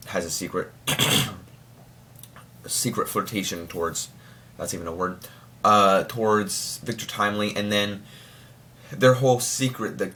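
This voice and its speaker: A man's voice: low-pitched, slight background noise. A young man in casual chat, reviewing a TV show with lots of restarts and fillers, now and then breaking into mock voices. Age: young adult. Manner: rambling, many restarts and filler words; excitable, slips into mock voices.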